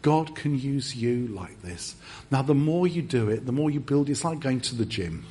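An English man preaching a sermon in a church, telling stories with lively acted-out quotes. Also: medium pitch, moderate pace, slightly rough. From England. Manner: animated storyteller, acts out quoted lines. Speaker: guest preacher. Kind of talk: sermon storytelling.

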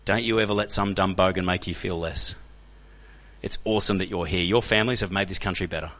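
An Australian man telling stories as a guest speaker to a church crowd, animated and joking, often putting questions to the audience. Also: deep voice, fast talker. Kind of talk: energetic storytelling talk to a church audience. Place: church hall.

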